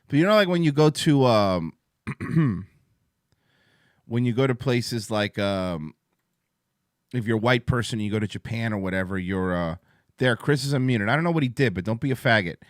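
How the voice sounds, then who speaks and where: A man's voice: medium pitch, moderate pace, pauses often, no room sound. Guy hosting a livestream show, all over the place and swearing, wired on coffee, very dry sound. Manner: excitable, rambling and profane. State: amped up on coffee. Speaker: podcast host. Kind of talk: casual livestream talk show chat.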